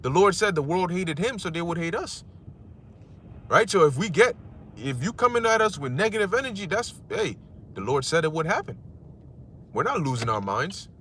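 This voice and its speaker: A man preaching a casual street-style sermon, animated and slangy, sometimes mocking other people's words. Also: normal speed, slight background noise. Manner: animated, slangy, acts out insults in a squeaky mocking voice.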